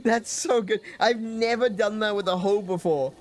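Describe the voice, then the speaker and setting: A man's voice: high voice, normal speed. A man casually commenting while playing a video game, chatty and easily amused, with faint game music behind. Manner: amused, chatty, frequent laughter and fillers. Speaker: let's play gamer.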